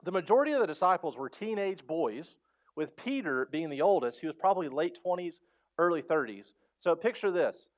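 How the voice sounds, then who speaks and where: A man preaching a sermon as pastor, animated and conversational, acting out voices and asking the congregation questions. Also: a little high, fairly quick. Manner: animated storytelling, acts out quoted voices; conversational, asks the crowd questions.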